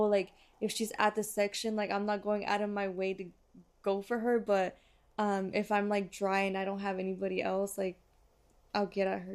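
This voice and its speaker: A woman's voice: medium pitch, a little mellow. A young adult woman hosting a podcast, asking questions in a casual, teasing, somewhat hesitant way. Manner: curious, teasing, hesitant with fillers. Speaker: podcast host. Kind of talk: casual interview.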